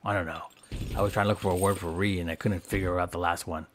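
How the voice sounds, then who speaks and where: Male gamer with a lowish voice, goofy in-character commentary, mock-boastful, hams up his pain with big groans. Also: fairly even intonation, fast talker, noisy background. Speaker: gameplay commentator.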